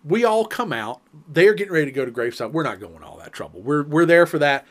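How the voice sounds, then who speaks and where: A man tells a story on a casual podcast, his voice leaping between high and low as he acts out each person in it. He laughs often and keeps the chat loose and lively. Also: quick pace.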